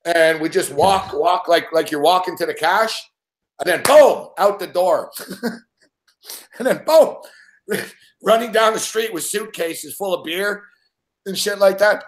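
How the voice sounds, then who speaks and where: A man with a fairly high voice spins a rowdy story in casual conversation, cursing freely and laughing between beats. His voice carries a noticeable echo, as if he is in a roomy space. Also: unhurried, long pauses, a little hiss or hum. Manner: profane, animated storyteller who laughs often. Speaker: show host.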